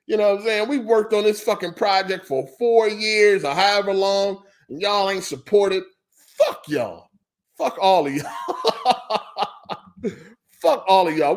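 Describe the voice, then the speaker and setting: A man hosting a gaming podcast livestream, talking on a headset in a loose, profane rant and repeating his points. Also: high voice. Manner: profane, ranting, repeats himself. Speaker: podcast host. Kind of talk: casual livestream chat.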